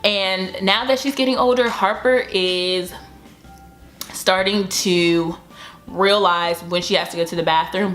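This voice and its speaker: A woman's voice: fairly low pitch, a bit bright. A young woman talking casually about raising her toddler in a home vlog, chatty and upbeat, with cheering bursts. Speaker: mom vlogger.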